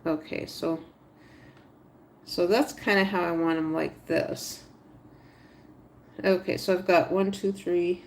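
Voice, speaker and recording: Woman, low voice, casual crochet livestream, thinking aloud, chatty with viewers. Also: fairly even intonation, takes it slowly, gravelly, long pauses, slight background noise. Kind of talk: casual live tutorial narration.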